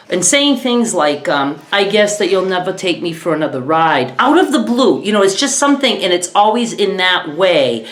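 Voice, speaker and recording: A middle-aged woman talking frankly to her viewers in a casual vlog, exasperated and often laughing. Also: on the low side. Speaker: vlogger, caregiver of her mother. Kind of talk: casual talk to camera.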